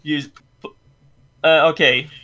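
A man at a tabletop game who stumbles through the rules as he talks. His voice is bright and tense, set a little high. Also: steady tone. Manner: quick, stumbling rules talk. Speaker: player. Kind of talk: casual chat.

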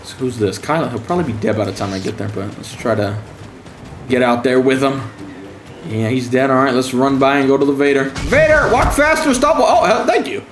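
A man's voice: medium pitch, fairly even intonation, a little fast, echoey room, music in the background. A man giving profane, sarcastic commentary while streaming a game, taunting opponents with mock-scared calls. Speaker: gaming streamer.

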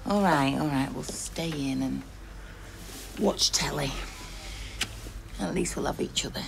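A woman's voice: sits low, unhurried, vocal fry, background noise, exaggerated voice. A woman with a Northern English accent in a television soap drama, talking in a dry, teasing way.

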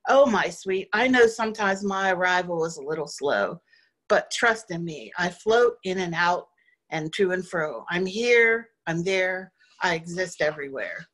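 A woman's voice: fairly low pitch, lively intonation, unhurried. A woman voicing Hope, a mighty yet affectionate female spirit, in a poem recited at a service. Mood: mighty, tender. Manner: forceful yet tender.

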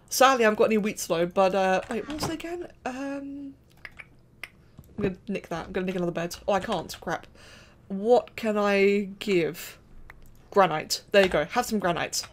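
A young woman giving chatty, excitable let's-play commentary, thinking aloud and talking to the characters on screen. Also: mid-range voice, moderate pace, slight background noise. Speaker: gaming channel host.

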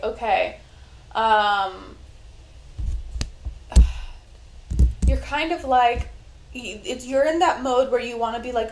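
A chatty woman in a casual tarot reading video, her talk rambling and full of fillers. Her voice sits a bit high and rings in a roomy, echoey space. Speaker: tarot reader. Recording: echoey room.

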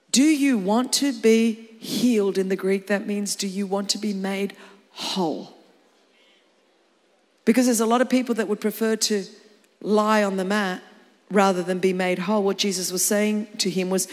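A woman's voice: medium pitch, steady tone, moderate pace. A woman in her fifties with an Australian accent, preaching a sermon with passion that rises to emphatic exclamations. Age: 50s. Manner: impassioned, rising to emphatic exclamations. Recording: long reverb of a large hall.

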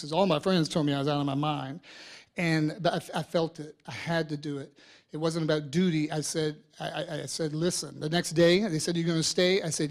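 A man in his fifties, an artist, giving a storytelling talk to an audience, acting out quoted voices and swinging between soft and loud. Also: on the high side.

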